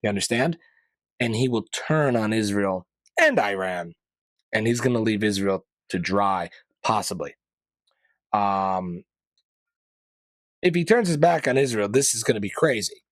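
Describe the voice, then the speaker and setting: A man's voice: lowish voice, animated, a little slow, pauses often, dry recording. Chatty man riffing on the news. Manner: chatty and rambling, opinionated asides; mild profanity, casual slang. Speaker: podcast host. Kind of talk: casual news commentary podcast.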